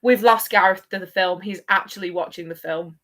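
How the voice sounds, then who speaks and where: A woman's voice: medium pitch, a little fast, fairly bright tone. A woman hosting a live watch-along, chatting playfully with viewers and laughing often. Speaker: livestream host.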